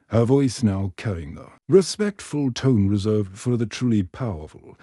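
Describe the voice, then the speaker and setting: A man reading a story aloud in calm, measured scripted narration. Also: on the low side, no echo, clean studio sound.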